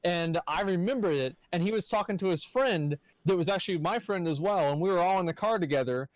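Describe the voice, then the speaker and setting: A young man with a high voice rambles through anecdotes on a podcast, stringing his thoughts together with likes. The sound is dry and close. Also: fairly quick, no echo, low-quality recording. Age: young adult. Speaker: podcast guest. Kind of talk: casual podcast chat.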